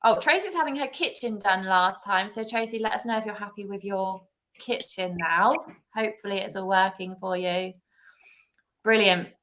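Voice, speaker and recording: A woman's voice: medium pitch, normal speed, a bit bright. A woman hosting a casual church livestream chat, bubbly and laughing often. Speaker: host. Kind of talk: casual live-stream chat.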